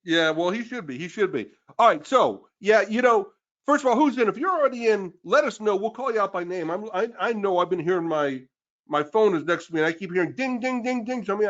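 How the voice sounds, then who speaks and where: A man co-hosting a live webinar, making a sales pitch with emphatic, repetitive persuasion. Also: lively intonation, fast talker, a bit bright, lo-fi sound. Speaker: webinar co-host.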